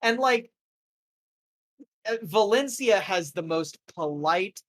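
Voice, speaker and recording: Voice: mid-range voice, slow, long pauses, fairly bright tone. Casual, rambling game master, loose narration, swears freely.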